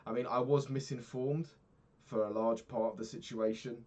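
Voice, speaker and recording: A man's voice: medium pitch, steady tone, normal speed, a little mellow. A young man talking through his day in a candid, rambling diary vlog, swearing freely. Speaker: vlogger.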